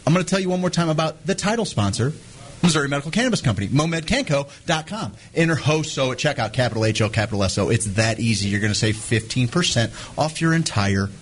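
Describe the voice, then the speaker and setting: A man's voice: medium pitch, lively intonation, fast talker, husky. A male radio host doing loose, upbeat live sponsor reads between segments. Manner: loose, jokey, upbeat delivery.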